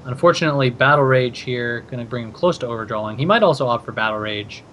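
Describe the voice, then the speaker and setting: A male esports caster breaks down each card-game play in a steady, analytical way, often thinking out loud with small fillers. His voice sits at an ordinary pitch, with a faint hum in the background. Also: fast talker.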